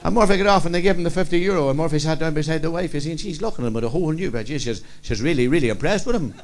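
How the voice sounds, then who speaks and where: A man's voice: a little high, racing. A man telling jokes in a chatty way and laughing as he goes. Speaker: comedian. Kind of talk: stand-up joke telling.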